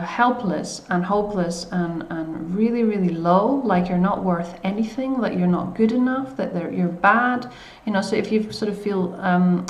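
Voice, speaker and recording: A woman talks viewers through coping advice in a soft, unhurried, hesitant way, often pausing on fillers and restarting her sentences. Her voice sits at an ordinary middle pitch. The sound carries a noticeable room echo. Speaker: coach. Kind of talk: self-help video talk.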